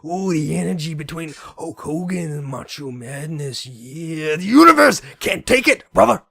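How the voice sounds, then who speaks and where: A man putting on an over-the-top wrestler impression, shouting with gravelly hype. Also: a little high, expressive, normal speed, no room sound, pitched above the performer's own voice, heavily acted. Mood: hyped, shouting. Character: an adult man's over-the-top wrestler promo voice.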